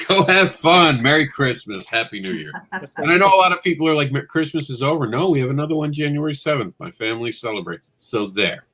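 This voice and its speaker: A man hosting a casual chat, joking and excitable, quick to mock himself. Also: fairly high pitch. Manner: joking, excitable, self-mocking. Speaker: host.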